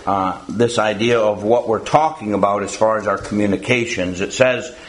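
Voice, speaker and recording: A man preaching a sermon to his congregation in a folksy, halting way, often pausing on "uh" and chuckling. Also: fairly low pitch, roomy sound, low-quality recording. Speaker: pastor.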